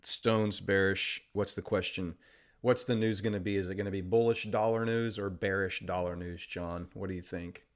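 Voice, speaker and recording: This trading-stream host has a deep voice, fairly even intonation, and a moderate pace. He banters sarcastically with his audience, reading their comments out loud in a relaxed, joking way.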